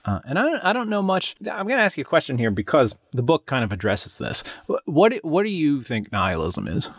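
A man's voice: on the high side, wildly swooping pitch, a little fast, husky, no room sound, clean studio sound. A man chatting casually as a podcast co-host, rambling with frequent restarts and laughs. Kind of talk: casual chat.

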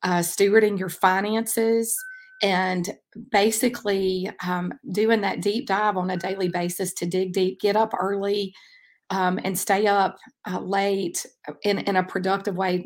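A woman's voice: mid-range voice, little pitch movement, measured pace. A woman hosting her own podcast, talking in an earnest, rambling way with frequent "um" fillers. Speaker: podcast host and track coach. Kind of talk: casual faith-based podcast monologue.

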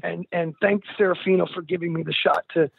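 A man's voice: sits high, fairly even intonation, brisk, creaky, husky, dry recording. An older man, a musician, speaking as an interview guest in an earnest, candid way, calling the host dude and bro. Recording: tinny phone line.

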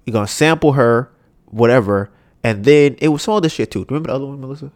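A man's voice: medium pitch, fast talker. A man hosting a podcast, chatting loosely and jokingly, at one point talking to a pet. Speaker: podcast host. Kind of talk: casual chat.

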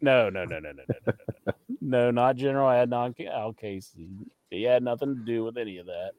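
A man's voice: mid-range voice, animated, a little fast, darkish tone, no echo. A man co-hosting a wrestling podcast, chatting casually and ranting with a lot of profanity. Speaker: podcast co-host. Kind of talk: casual chat.

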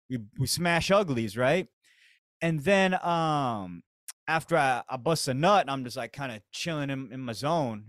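A man's voice: mid-range voice, no room sound, studio quality. An American man hosting a podcast, telling a comedic story in slangy, profane, laid-back talk. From United States. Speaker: podcast host.

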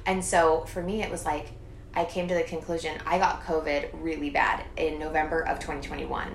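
A woman in her thirties chatting as a podcast guest, animated and expressive, often breaking into laughter. Her voice sits on the low side, and the recording has a roomy echo around it. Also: fairly quick, vocal fry, slight background noise. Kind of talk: casual interview chat.

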